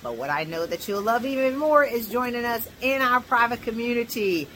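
A speaker doing an upbeat, salesy promotional read for a podcast. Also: male voice, extremely high pitch, expressive, normal speed, background noise. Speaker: podcast host reading an ad.

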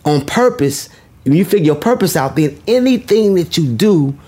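A man's voice: a little high, expressive, moderate pace, warm tone. A man giving a motivational speech, emphatic and preacher-like, repeating his key lines and asking the audience questions. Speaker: motivational speaker.

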